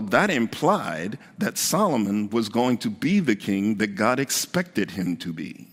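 Pastor preaching in a reverberant hall. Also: male voice, mid-range voice. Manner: conversational, repeats key points for emphasis. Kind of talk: sermon.

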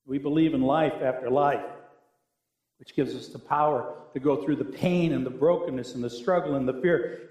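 A middle-aged man preaching a sermon as pastor, earnest and unhurried, with dramatic pauses and rising swells. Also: mid-range voice, fairly even intonation, a little mellow. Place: church sanctuary. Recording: echoey church sanctuary.

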